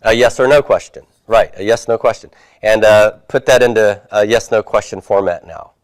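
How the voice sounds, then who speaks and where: A man's voice: fairly low pitch, normal speed, no echo. Guy going over hebrew homework with his class, patient, asks then answers, dry sound. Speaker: Hebrew teacher.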